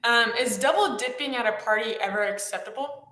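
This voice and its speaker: A woman runs a lightning round of questions on a video call. Her voice sits a little high, and her delivery is brisk and upbeat. The room around her has a noticeable echo. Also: bright, forceful tone. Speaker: co-host running a quiz round. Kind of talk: casual quick-fire questions.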